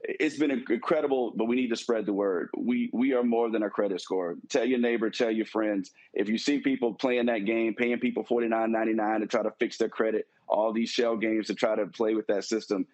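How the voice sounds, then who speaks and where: A male guest on a remote call, earnestly pitching his business. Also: steady tone, brisk, a little mellow, rough recording. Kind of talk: promotional interview wrap-up.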